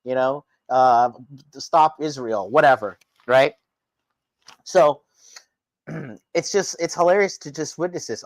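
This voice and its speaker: A man hosting a live stream, ranting crudely and mockingly, his voice swinging from loud outbursts to low mutters. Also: slow, long pauses, dry recording. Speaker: livestream host. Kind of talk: crude provocative livestream rant.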